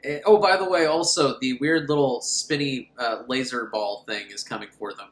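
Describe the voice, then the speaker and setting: A man's voice: medium pitch, normal speed, echoey room, a little hiss or hum. A man recapping a horror film in a sarcastic, rambling, mocking way. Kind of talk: comedic movie recap.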